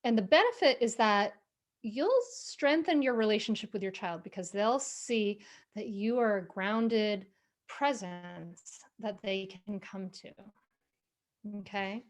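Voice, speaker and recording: A woman coaching parents in a workshop talk, calm, with slow deep breaths between points.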